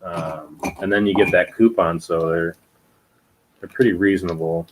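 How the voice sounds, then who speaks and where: A fairly low-voiced man chats casually, stopping and restarting often and leaning on lots of fillers. A faint noise hums underneath his voice. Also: steady tone. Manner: halting, filler-heavy talk. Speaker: guest artist. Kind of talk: casual chat.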